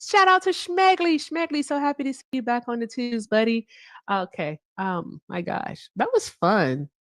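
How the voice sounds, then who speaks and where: A woman's voice: a little high, normal speed, no echo. A woman hosting a live stream, chatting in a playful, teasing way and laughing often. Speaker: livestream host. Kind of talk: casual live-stream chat.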